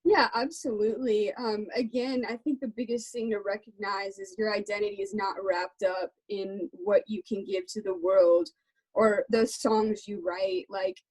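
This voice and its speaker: In this candid interview, the Texan guest musician, a young adult woman, talks from the heart with an earnest, faith-focused sincerity. She has a mid-range, darkish voice with a steady tone and normal speed, heard through a rough recording.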